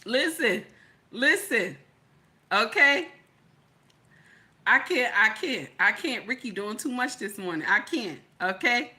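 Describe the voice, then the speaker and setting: A woman's voice: on the high side, expressive, takes it slowly, pauses often. A woman hosting a live stream, reading the chat aloud in a sassy, teasing, chatty way. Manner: sassy, teasing, chatty with loud laughing outbursts.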